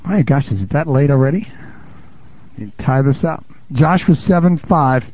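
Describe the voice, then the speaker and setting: A man preaching a sermon in a lively, conversational way, laughing and calling out "amen?" to the congregation, on a dull, lo-fi recording. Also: on the high side, moderate pace, dry recording. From United States. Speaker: pastor.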